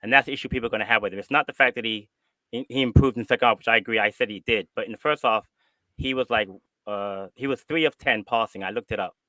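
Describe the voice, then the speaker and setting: A man's voice: mid-range voice, quick pace, pushed and bright, no room sound, poor audio. A man on a fan panel insistently arguing his point about a player. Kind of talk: casual match discussion.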